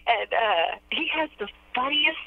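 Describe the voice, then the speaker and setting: A woman guest in a casual phone interview, telling stories in a warm, chatty way with plenty of fillers and restarts. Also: on the high side, animated, a little slow, phone-quality sound. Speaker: radio DJ and PR firm owner, interview guest.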